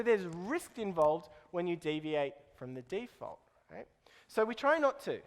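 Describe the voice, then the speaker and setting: A man's voice: high voice, very animated, unhurried, hardly any pauses, long reverb tail. A man giving a playful live talk to an audience, quizzing them as he goes. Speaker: keynote speaker.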